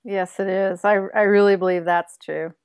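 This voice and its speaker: Woman guest healer, mid pitch, calm and measured, dry recording. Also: clear, resonant tone, no room sound. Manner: measured, agreeable, frequent affirmations. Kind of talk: interview conversation.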